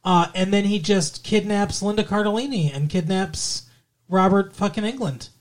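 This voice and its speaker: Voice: medium pitch, moderate pace. A podcast co-host picking apart a horror movie in casual chat, swearing freely and rambling with lots of fillers and restarts.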